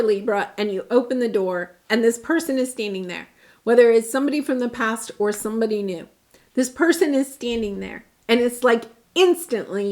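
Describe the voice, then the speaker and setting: A woman reads tarot cards for her viewers, her voice sitting a little high. She speaks earnestly and with feeling, often restarting her sentences and dropping into soft asides. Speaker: tarot reader. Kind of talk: tarot reading to camera.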